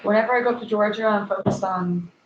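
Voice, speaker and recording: A chatty young woman in her twenties hosts a casual live stream from home, answering viewers and chuckling at her own puns. Her voice sits at an ordinary middle pitch. The audio is roomy with an echo, a little dull, and carries a faint hiss. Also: fairly even intonation, fast. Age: 20s. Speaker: fishing channel host.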